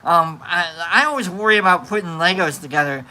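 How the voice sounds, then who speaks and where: A man hosts a casual livestream with a bright, sharp-edged voice, reading out and answering viewer comments in a playful, rambling way. He restarts sentences often and fills the gaps with "uh" and "um." A faint background noise sits under his voice. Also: high-pitched, brisk, low-quality recording. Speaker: livestream host.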